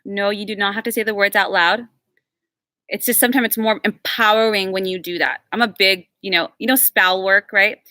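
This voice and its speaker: Bright-voiced woman energy healer. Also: medium pitch, fairly even intonation, no echo, clean studio sound. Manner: chatty and encouraging, slowing to a measured invocation when leading the prayer. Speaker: energy healer leading a group workshop. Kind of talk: live workshop teaching and guided meditation.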